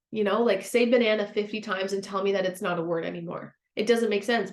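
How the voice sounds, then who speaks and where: Woman podcast host, mid pitch, gentle and encouraging, in a roomy, echoey space. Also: fast, few pauses. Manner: gentle, encouraging, laughs easily. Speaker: podcast host and former counselor. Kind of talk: self-help podcast monologue. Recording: roomy echo.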